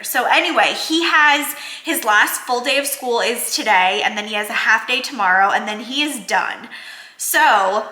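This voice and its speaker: A woman's voice: medium pitch, sharp tone. A woman in her thirties from New Jersey, vlogging to camera, tearful and rambling with restarts and fillers. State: tearful, crying. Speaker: vlogger, working mom. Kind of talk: casual vlog talk to camera. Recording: roomy echoey room sound.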